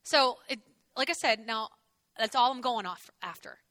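A woman giving a lively, joking Bible teaching, acting out the people in the story as she goes. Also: fairly high pitch, normal speed, dry recording. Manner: lively, jokey, acts out the characters.

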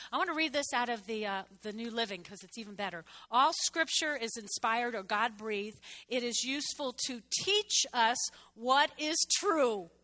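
A woman pastor in her sixties preaching a chatty, animated sermon with asides to the congregation. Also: a little high.

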